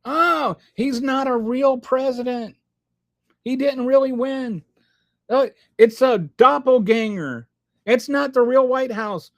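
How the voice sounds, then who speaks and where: A whiny, exaggerated conspiracy ranter, as a man parodies him, pushed up high and overwrought. Every claim comes out in a mocking, sing-song whine. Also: slow pace, no room sound, heavily acted.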